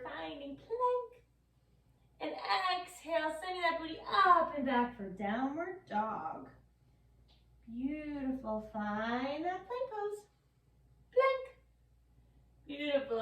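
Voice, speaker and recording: A bright, high-pitched woman with a New York accent leads a kids' yoga class with playful, encouraging cues. She sounds a little far from the mic, and her voice echoes around the room. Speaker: yoga teacher. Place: yoga studio.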